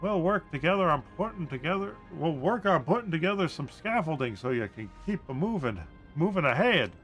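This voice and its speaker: A man voicing a gruff old male construction boss in a video game, with a folksy drawl that slips into a Southern twang. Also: on the high side, lively intonation, normal speed, sharp tone, soft background music. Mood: determined.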